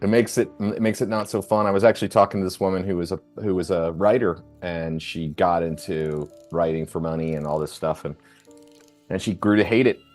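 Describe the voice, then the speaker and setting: An American game master with a deep, slightly mellow voice runs a tabletop game at a brisk pace, with fairly even intonation and soft music in the background. He chats casually, rambling, laughing, swearing freely, and using lots of fillers.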